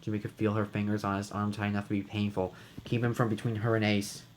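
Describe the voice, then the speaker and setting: A man's voice: fairly low pitch, flat delivery, fast, background noise. A man reading a visual novel aloud dramatically, now and then stumbling over words. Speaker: game reader and narrator.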